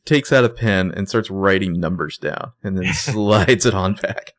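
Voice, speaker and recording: A man's voice: deep voice, unhurried, no echo. A man co-hosting a podcast, recapping a TV episode in laid-back, jokey casual chat.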